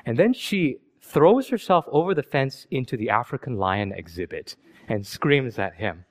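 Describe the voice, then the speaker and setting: A man preaching a sermon, animated and storytelling, with many rhetorical questions. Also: medium pitch, moderate pace.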